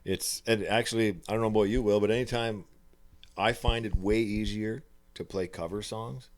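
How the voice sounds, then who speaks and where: A man with a lowish voice talks casually as a musical guest. He is frank and self-mocking, with the odd curse word dropped in. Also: steady tone, normal speed. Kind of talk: casual chat.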